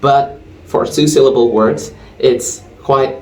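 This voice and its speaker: Male English teacher, slow and deliberate, roomy off-mic sound. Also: mid-range voice, steady tone, a little mellow, recorded from a distance. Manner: slow, deliberate explaining with spelled-out endings. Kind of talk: English grammar lesson.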